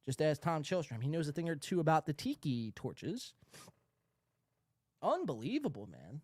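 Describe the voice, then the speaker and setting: Animated, profane man ranting on a podcast. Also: on the high side, moderate pace, dry recording. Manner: animated, profane, sarcastic, rambling with restarts. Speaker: podcast host. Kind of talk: ranting commentary.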